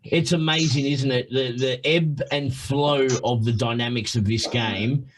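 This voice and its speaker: Excitable darts co-commentator. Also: male voice, medium pitch, a little slow, low-quality recording. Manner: excitable, swears, teasing banter. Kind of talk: live sports commentary.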